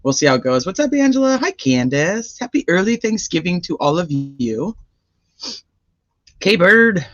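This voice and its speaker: Male true-crime streamer with a cold, raised pitch, animated chatty delivery, dry dull home-stream sound. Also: measured pace, no echo. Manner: chatty and animated, rattling off greetings. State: voice roughened by a cold. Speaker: true-crime livestream host. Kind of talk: casual livestream chat, greeting viewers by name.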